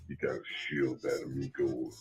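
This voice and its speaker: A man voicing Satan, talking in a slow, mocking way about a bargain. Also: a bass voice, gravelly, a bit bright, heavily acted. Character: smug male Satan checking on a bargain.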